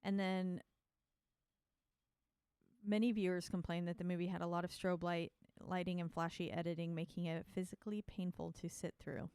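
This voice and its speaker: A woman's voice: lowish voice, little pitch movement, normal speed, a little mellow, clear, resonant tone, dry recording. A woman co-hosting a casual podcast, chatting and laughing often and reading trivia aloud. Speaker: podcast co-host. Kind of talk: casual chat.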